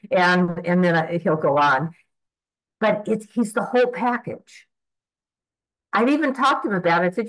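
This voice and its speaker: An eighty-year-old woman tells her own story at a recovery meeting. She speaks in a fairly low voice for a woman, earnest and rambling, and keeps restarting her sentences. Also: moderate pace, pauses often, poor audio. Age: 80s. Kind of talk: personal testimony at a twelve-step meeting.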